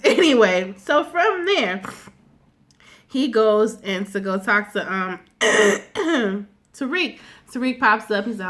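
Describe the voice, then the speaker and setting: A woman's voice: medium pitch, slow. A woman vlogger recapping a TV episode in casual, slang-heavy talk, acting out what the characters say. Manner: animated retelling, acting out characters' lines.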